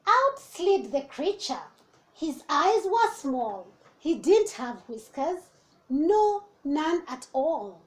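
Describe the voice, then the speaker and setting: Woman, teacher, storybook read-aloud, high voice, very lively, slow pace. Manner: expressive, animated, asides to young listeners. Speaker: teacher reading to children.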